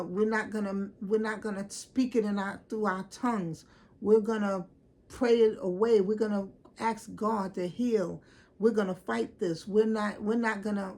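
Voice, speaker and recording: Brief: woman doing a loud prayer-warrior friend, rough gravelly tone, stacking up promises. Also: mid-range voice, close to an everyday voice. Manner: preachy, rallying repetition. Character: loyal churchgoing woman friend, fiery and encouraging.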